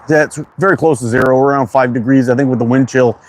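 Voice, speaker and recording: A man's voice: mid-range voice, steady tone, fast. A man from Canada with a Quebec accent, casually hosting an outdoor livestream and greeting viewers from chat. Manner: reads chat names aloud, laid-back and friendly, swears casually. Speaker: slingshot livestream host. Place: outdoors in cold wind. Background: wind and outdoor ambience.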